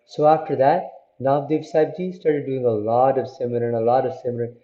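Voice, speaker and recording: A man's voice: medium pitch, normal speed. Man, casual storyteller, conversational, roomy echo, lo-fi sound. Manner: conversational, many fillers and "right?" check-ins. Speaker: storyteller for a Sikh teaching channel.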